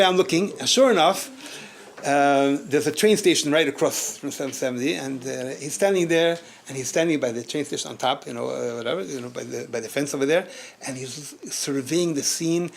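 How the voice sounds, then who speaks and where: A man, a rabbi, telling a story at a community gathering, animated, often laughing and repeating words as he goes. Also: a little high, a little hiss or hum.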